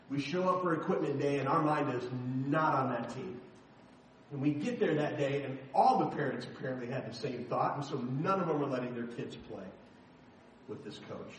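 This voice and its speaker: A man's voice: on the high side, lively intonation, normal speed, fairly bright tone, a little hiss or hum. A middle-aged man preaching a sermon, telling a story in an emphatic, dramatic way. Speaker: pastor. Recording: echoey hall from far off.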